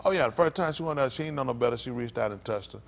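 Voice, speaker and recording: Racing along with vocal fry in a medium-pitched voice, a US pastor gives an informal, joking sermon. He laughs, teases the congregation animatedly and keeps asking "isn't that right?", and the recording carries a little hiss or hum.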